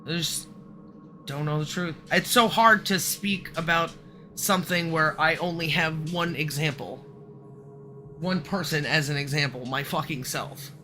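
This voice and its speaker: Faint music plays behind a livestream host chatting casually, frustrated and swearing often as he breaks off and restarts sentences. The voice sits at medium pitch, a little slow, with a sharp tone.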